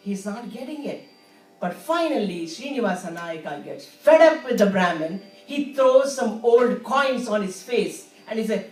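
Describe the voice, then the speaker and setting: A woman harikatha storyteller telling a devotional tale in an animated way, slipping into character voices. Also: on the high side, moderate pace, soft background music. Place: temple hall. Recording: echoey hall from far off.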